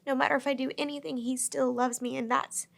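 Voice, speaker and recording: A woman's voice: sits high, level tone, fast talker, gravelly. A woman co-hosting a counseling discussion, speaking in a heartfelt, personal way. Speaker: co-host. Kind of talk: casual discussion.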